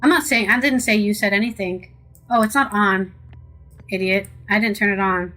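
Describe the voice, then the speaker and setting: A woman's voice: mid-range voice, moderate pace, pushed and bright, soft background music, poor audio. An American woman streaming a game, chatting casually and rambling with sarcastic asides. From United States. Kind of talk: casual live-stream chat while playing.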